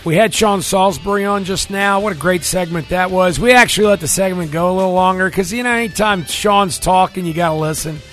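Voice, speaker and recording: A middle-aged man hosting sports talk radio, rambling and joking loudly at a studio mic. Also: high voice, brisk, hardly any pauses, soft background music. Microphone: studio microphone.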